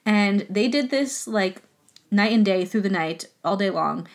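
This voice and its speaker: A woman's voice: medium pitch, expressive, a little slow. A woman hosting a podcast, telling a history story in a casual, chatty way, full of filler words and swearing. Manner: chatty and profane, heavy use of filler words. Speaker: podcast host.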